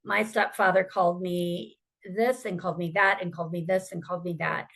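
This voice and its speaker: Earnest woman with a gravelly voice. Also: fairly low pitch, steady tone, fairly quick, fairly bright tone. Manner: earnest, emphatic, preacherly. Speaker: survivor advocate. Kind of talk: personal testimony talk.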